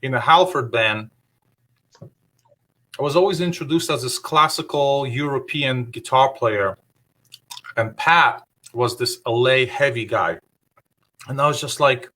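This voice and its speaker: Sharp in tone and pitched in the middle range, a male guest guitarist reminisces on a video call. His casual interview stories ramble with many fillers, and he repeats his old remarks as quotes.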